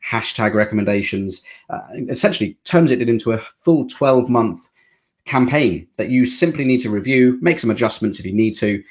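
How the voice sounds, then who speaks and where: Man, from the UK, startup founder, relaxed explainer, muffled lo-fi sound. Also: medium pitch, moderate pace. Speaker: company founder, guest. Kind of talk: podcast interview.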